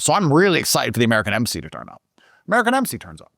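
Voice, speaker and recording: Indignant man, animated story, expressive pitch, heavy swearing, dry sound. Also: very fast, gravelly, dry recording. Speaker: guest storyteller. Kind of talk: casual storytelling.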